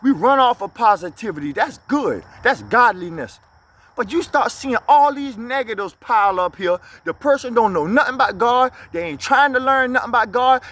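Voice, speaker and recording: A man preaches into his phone from inside a vehicle. He speaks in a with a high-pitched voice. He fires off blunt, scolding rhetorical questions. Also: a bit bright. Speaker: inspirational speaker. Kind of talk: motivational preaching monologue.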